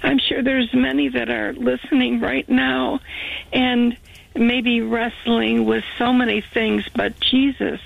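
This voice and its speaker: A woman calling in to a faith radio program, talking earnestly and haltingly with frequent restarts. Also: fairly high pitch, flat delivery, vocal fry, phone-quality sound. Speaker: radio call-in listener. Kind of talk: grateful call to a faith radio show.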